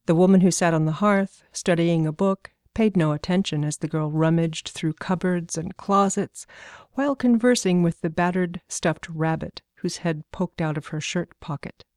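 A woman narrating a fantasy story in a measured, even reading voice. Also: lowish voice, no echo, studio quality.

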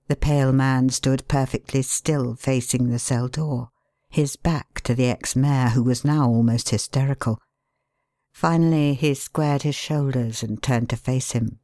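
A woman narrating a fantasy story in a calm, measured voice. Her voice is low and her pace unhurried. The sound is dry and close, with no room echo.

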